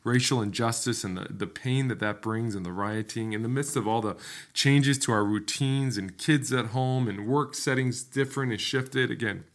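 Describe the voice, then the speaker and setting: A man's voice: medium pitch, normal speed. A man hosting a Christian podcast, talking about scripture in an earnest, conversational way with frequent fillers and restarts. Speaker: podcast host. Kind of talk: casual devotional podcast talk.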